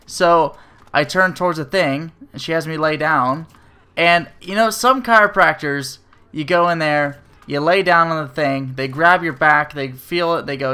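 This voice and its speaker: Man with a bright, fairly high voice, profane exasperated comic rant to camera. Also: normal speed, smooth. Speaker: comedic ranter.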